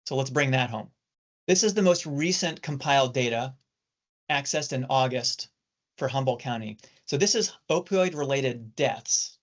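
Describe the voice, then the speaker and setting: A middle-aged male surgeon giving a measured, explanatory training talk to nurses. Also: mid-range voice, expressive. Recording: dull lo-fi recording.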